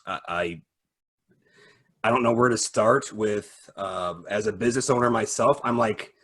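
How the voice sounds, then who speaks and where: A man co-hosting a business podcast over a video call, a small business owner who speaks haltingly with many fillers. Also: fairly low pitch, slightly rough. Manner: warmly appreciative, halting with fillers. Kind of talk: casual podcast interview.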